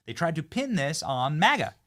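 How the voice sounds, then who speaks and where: A man's voice: on the high side, very animated, normal speed, bright, forceful tone. A man hosting a political commentary show, sarcastic and mocking as he reacts to clips. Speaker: host.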